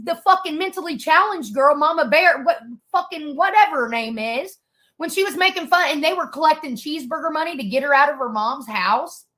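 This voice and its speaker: A high, bright-voiced woman ranting in angry reaction commentary. She is profane and scornful and talks over the clip. Her tone is sharp and cutting. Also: lively intonation, brisk. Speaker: commentary streamer.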